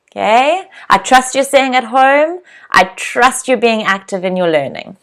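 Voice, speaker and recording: Woman, English teacher; slow, deliberate delivery, bright animated drills. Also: a little high. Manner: animated, clearly drills pronunciation, laughs often. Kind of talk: live online English lesson.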